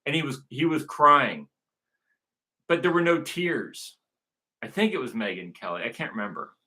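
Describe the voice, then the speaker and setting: A man's voice: medium pitch, animated, moderate pace, sharp tone. A man hosting his own show, delivering a repetitive, emphatic ranting monologue with frequent profanity. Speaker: show host.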